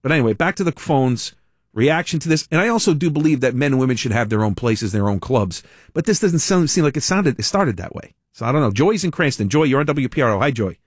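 A man's voice: mid-range voice, animated, fast talker, no echo. Male radio host, conversational and wry, dry close studio mic. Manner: wry, conversational, reads news aloud with asides. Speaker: radio talk show host. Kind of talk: talk radio monologue and call-in.

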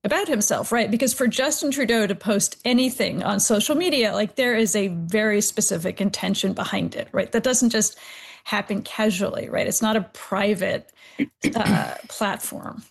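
Gravelly-voiced woman commentator. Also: medium pitch. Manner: halting, filler-heavy, amused. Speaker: guest commentator. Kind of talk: casual panel talk.

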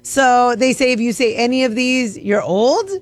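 A woman's voice: fairly high pitch, moderate pace, faint music behind. A woman radio host in a chatty segment, playful and mock-offended, laughing often.

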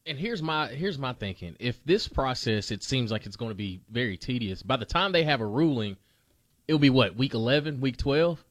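A man's voice: medium pitch, animated, normal speed, dry recording, studio quality. A man joining a casual sports talk show as a guest, laid-back and conversational.

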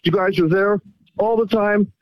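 A man's voice: sits high, steady tone, normal speed, no room sound, dull audio. A man calling in to a radio show, stammering and effusively grateful. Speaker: caller. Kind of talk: phone-in call.

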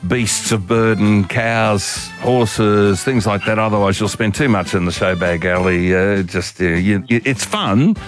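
A man's voice: lowish voice, unhurried, hardly any pauses, faint music behind. Joking Australian radio host man. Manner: jokey, chatty. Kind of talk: talk radio banter.

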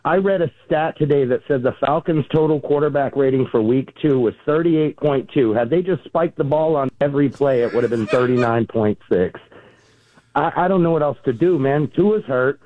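Wry caller on a phone line. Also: male voice, medium pitch, normal speed. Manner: wry, exasperated. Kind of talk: call-in chat.

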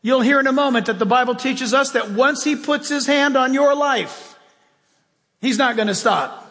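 A man's voice: very high-pitched, moderate pace, a bit bright. A man pastor preaching a sermon in a church, emphatic and conversational with folksy asides. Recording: long reverb of a large hall.

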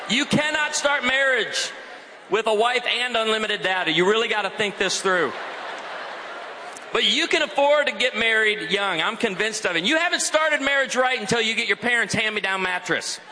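A man's voice: very high voice, moderate pace, a crowd in the background, noisy background. A man in his forties giving a humorous, emphatic sermon to a live audience. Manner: animated, emphatic, joking. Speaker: guest speaker. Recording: reverberant hall, faint ambience.

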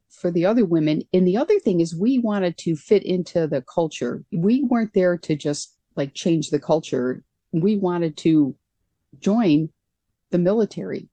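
Mellow, earnest woman recounting pilot days. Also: on the low side, no room sound. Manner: earnest, reflective storyteller. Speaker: guest, former military pilot. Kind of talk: radio interview storytelling.

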